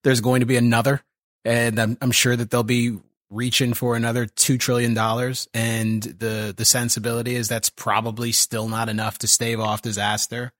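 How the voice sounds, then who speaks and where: A man's voice: medium pitch, little pitch movement, moderate pace, a bit bright, no echo. Wry man with a dry voice. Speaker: podcast co-host. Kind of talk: casual chat.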